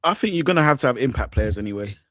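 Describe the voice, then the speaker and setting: Brief: male co-host, excitable, dry close mic, matey banter. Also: mid-range voice, very fast, dry recording. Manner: excitable, laughs often. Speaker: co-host of fan show. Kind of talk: casual football chat.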